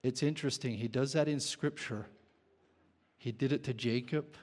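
A man's voice: medium pitch, moderate pace, darkish tone. A man preaching a sermon, often asking the congregation questions. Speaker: pastor. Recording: long hall reverb.

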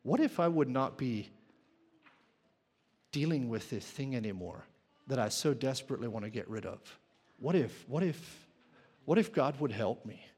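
Male pastor, earnest sermon delivery with restarts, medium pitch, recorded with long hall reverb. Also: lively intonation, moderate pace, pauses often, darkish tone. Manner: earnest, repeats words and restarts, clears throat.

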